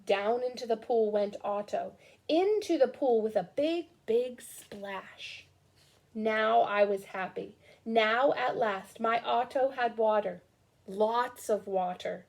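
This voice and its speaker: Slow, high-voiced woman reading a storybook. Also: gravelly. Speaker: storybook reader. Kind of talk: reading a children's book aloud.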